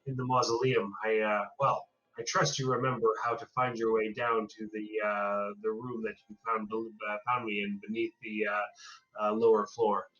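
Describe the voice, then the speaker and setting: A man voicing a composed, formal woman occult researcher in a tabletop horror game, speaking with a halting, hesitant manner. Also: lowish voice, flat delivery, a bit bright, natural voice. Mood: measured. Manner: formal, hesitant speech full of "uh". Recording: distant, dull lo-fi mic.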